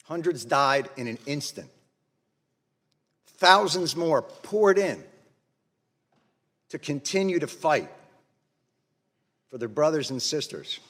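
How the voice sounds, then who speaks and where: A man's voice: a little high, sing-song, slow pace, long pauses. Angry man testifying in an echoing hall. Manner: angry, blunt, rising to forceful emphasis. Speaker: witness testifying before Congress. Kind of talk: impassioned public testimony. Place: large hearing room. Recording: long reverb of a large hall.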